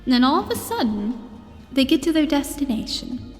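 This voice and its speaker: A woman voicing a gentle space princess who tells a bedtime story in a meandering way, with fillers and restarts. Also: high-pitched, big pitch swings, moderate pace. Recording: long reverb with faint music.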